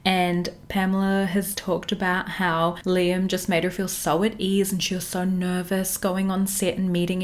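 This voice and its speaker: A woman in her twenties hosts a chatty pop culture podcast with a slightly low voice for a woman. She gushes with excitement and often gets swept up in fan emotion. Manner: gushing, excitable fan talk. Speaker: podcast host. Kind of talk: casual pop culture chat.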